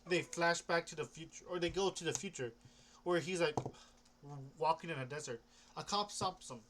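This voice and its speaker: A man's voice: a little high, normal speed, background noise. A young man rambling casually about comics, hesitant, restarting often and swearing offhandedly. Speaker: comic book vlogger.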